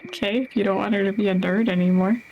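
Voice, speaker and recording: Relaxed woman co-streaming a game. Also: mid-range voice, fast, lo-fi sound, a little hiss or hum. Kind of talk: casual gameplay stream chat.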